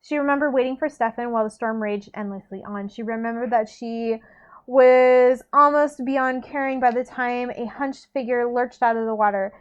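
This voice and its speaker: A woman reads a novel aloud in a relaxed, casual way, her voice slightly high. She stumbles over words and corrects herself as she goes. The recording is dull and lo-fi. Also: normal speed, clean tone. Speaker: reader.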